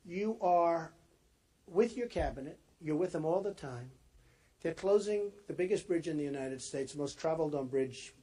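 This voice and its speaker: Husky-voiced man giving a rambling rally speech. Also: a little high, a little mellow. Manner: rambling and repetitive, talking straight to the crowd. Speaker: political candidate addressing a rally. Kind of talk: off-the-cuff campaign rally speech.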